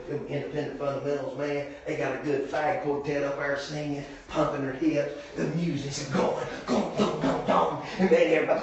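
Casting: preacher man, comic storyteller, shouts punchlines, recorded from afar in a booming church hall. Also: normal speed, distant mic, noisy background. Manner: joking storyteller, often shouting. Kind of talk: comic sermon. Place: church sanctuary.

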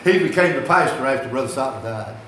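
A man's voice: medium pitch, animated, quick pace, a bit bright, a little hiss or hum. An older man preaching a sermon, telling folksy, rambling stories and repeating his phrases. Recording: echoey hall.

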